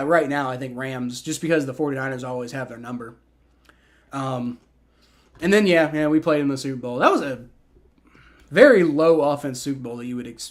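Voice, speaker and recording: A man in his twenties hosting a livestream, mixing play-by-play with casual chat, rambling with repeated words and fillers. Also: fairly high pitch. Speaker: livestream host. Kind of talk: live play-by-play and chat reaction.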